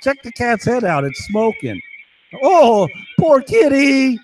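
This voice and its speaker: A man's voice: extremely high pitch, sing-song, takes it slowly, a little mellow, a little hiss or hum, pitched above the performer's own voice, full character voice. A man mimicking gleeful taunting cruel men. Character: cruel giggling men mocking their victims.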